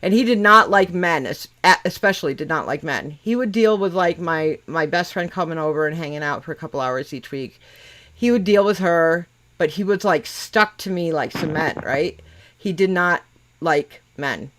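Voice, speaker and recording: A woman's voice: sits low, lively intonation, moderate pace, fairly bright tone. A middle-aged woman hosting a casual chat. She talks bluntly, swears constantly and teases the people she is talking with. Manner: profane, blunt and teasing. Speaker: podcast host.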